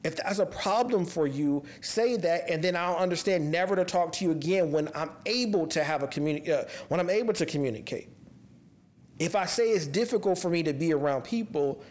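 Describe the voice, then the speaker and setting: A man with a slightly higher voice than most men talks alone on his podcast in a loose, conversational way. He is candid and raw, and his speech catches and restarts as the subject weighs on him. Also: a little fast, a little mellow. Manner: raw, candid, emotionally heavy; casual and conversational, restarts when upset. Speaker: podcast host. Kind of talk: personal monologue on mental health.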